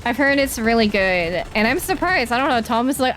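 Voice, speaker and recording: A woman streaming a game, chatting casually and reading the dialogue aloud in quick playful voices. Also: high voice, fairly bright tone, faint music behind.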